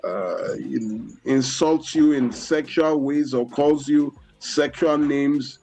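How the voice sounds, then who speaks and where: A man with a Nigerian English accent, a guest expert on a radio talk show, explaining things deliberately and often saying "you know". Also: mid-range voice, creaky, dark tone, faint music behind, low-quality recording. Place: radio studio.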